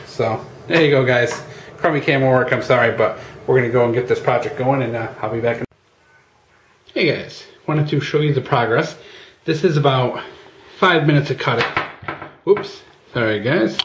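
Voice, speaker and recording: A chatty man talks viewers through a hands-on job in a relaxed, informal way, with plenty of fillers. His voice sits at an ordinary pitch and carries a noticeable echo, with faint ambient noise behind him. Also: moderate pace, pauses often. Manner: chatty, addresses viewers as guys, many fillers. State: out of breath at times. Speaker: channel host. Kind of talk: casual how-to demonstration. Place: outdoors at a workbench.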